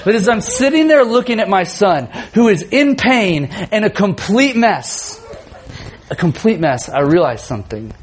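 A man in his thirties, a youth pastor telling a funny family story in a sermon, animated and often laughing. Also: sits high, unhurried, a little hiss or hum.

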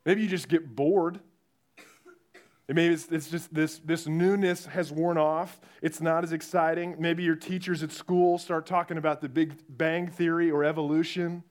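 A young man preaching a youth sermon, telling stories with animated quoted voices. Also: fairly high pitch, moderate pace. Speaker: youth pastor.

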